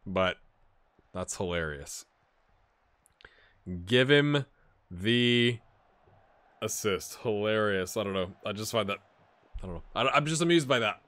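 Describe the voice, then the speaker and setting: A man giving casual, amused commentary while playing a football management game, getting excited during the action. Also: lowish voice, a little slow, pauses often. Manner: chatty, amused, jumps to excited play-by-play. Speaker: gaming YouTuber. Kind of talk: casual let's-play commentary.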